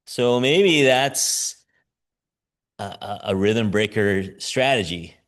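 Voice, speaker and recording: A man in his fifties delivers a sermon as a personal story, laughing often and stopping to correct himself mid-sentence. His pitch swings widely from high to low, which keeps the telling lively. He sounds like he is talking to his congregation rather than reading to them. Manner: conversational storytelling with frequent laughs and self-corrections. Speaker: pastor. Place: church sanctuary.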